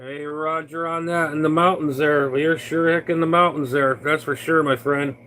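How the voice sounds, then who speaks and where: A man's voice: on the high side, fairly even intonation, normal speed, heavy background noise. A man, a CB radio operator from Florida, chatting casually on air in a folksy, rambling way with lots of fillers.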